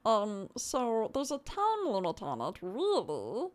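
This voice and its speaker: A woman putting on a strained, high pixie voice while she explains it. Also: wildly swooping pitch, slow pace, full character voice. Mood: explaining.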